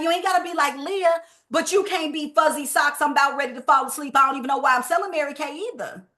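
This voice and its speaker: A high, bright voice from a woman in her fifties leading a sales training. She talks in a lively, sermon-like way, slipping into little acted phone calls to make her point. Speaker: sales coach. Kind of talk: motivational sales training talk.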